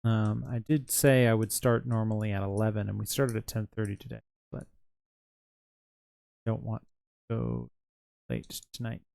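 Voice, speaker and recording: Male streamer, gravelly voice, dry close sound, tired, rambling casual chat. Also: lowish voice, expressive, moderate pace, long pauses, darkish tone, dry recording. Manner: rambling, responds to chat messages. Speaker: streamer running an online Mafia game.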